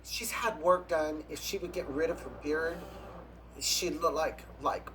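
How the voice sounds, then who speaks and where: A man's voice: a little high, steady tone, a little slow, a bit bright, slight background noise. A man, a drag performer, telling catty backstage stories in a casual, gossipy interview, breaking into laughs and gasps.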